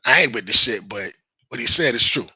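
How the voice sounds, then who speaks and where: A man's voice: mid-range voice, animated, fairly quick, sharp tone, breathy edge, no echo, rough recording. A man hosting a livestream, ranting to his chat in a heated, defensive way, swearing and repeating himself. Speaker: livestream host. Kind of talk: casual livestream rant to chat.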